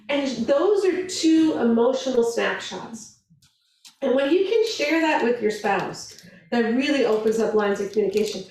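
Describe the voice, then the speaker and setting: A woman with a fairly high voice gives a conference talk in a very echoey hall, picked up from some distance. She talks in a quick, chatty way, laughs a lot and slips into little acted-out quotes. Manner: animated, chatty, laughs often, acts out quotes. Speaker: event speaker on marriage.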